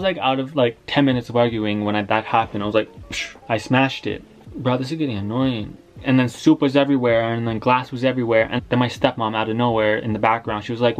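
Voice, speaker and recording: A young man telling a story time in a casual, slangy, rambling way, filling his talk with "like". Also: medium pitch.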